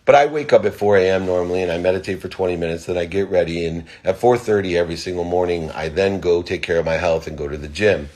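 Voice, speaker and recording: A middle-aged man speaking as a motivational speaker in a deep, husky voice. He tells stories earnestly, pressing hard on some phrases and dropping almost to a hush on others. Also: fast talker, few pauses. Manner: earnest storytelling, swinging between emphatic and hushed. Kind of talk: motivational livestream talk.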